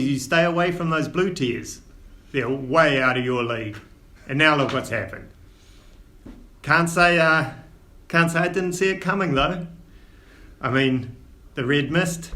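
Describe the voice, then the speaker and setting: A man doing a gruff old dwarf dad in a put-on Cockney accent, louder and higher than his own voice, bright and clipped. He speaks in a bluff, chummy way, full of fatherly bluster. It is a tabletop game character. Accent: mock Cockney. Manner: bluff, chummy, ends lines with "Gov".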